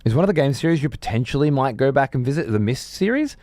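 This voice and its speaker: A man's voice: medium pitch, expressive, fast talker, darkish tone, no echo, studio quality. Rambling, profane male game streamer. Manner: rambling, profane, restarts often. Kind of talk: casual gaming stream chat.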